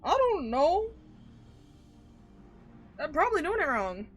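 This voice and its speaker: A woman's voice: sits high, very animated, slow pace, long pauses, soft background music. A woman streaming a video game, chatting casually with a rambling, self-deprecating manner and frequent swearing. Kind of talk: casual gameplay commentary.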